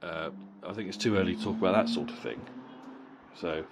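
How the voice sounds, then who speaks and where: A man's voice: deep voice, brisk, very noisy. A middle-aged man giving a casual, blunt boxing fight review, swearing freely and often repeating words as he goes. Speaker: boxing vlogger.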